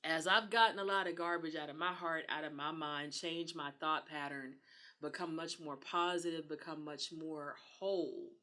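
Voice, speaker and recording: A woman's voice: sits low, fairly even intonation, normal speed, pushed and bright. A woman, talking earnestly in a casual podcast conversation and acting out the voices she quotes. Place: Texas.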